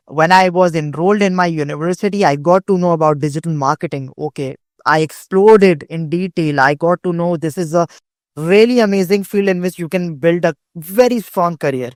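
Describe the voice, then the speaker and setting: A man's voice: sits high, dry recording, studio quality. A young man from Pakistan, a guest on an interview show, telling his career story in an earnest, casual way, often restarting phrases. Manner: earnest, with frequent repeated starts. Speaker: guest, digital marketing agency owner.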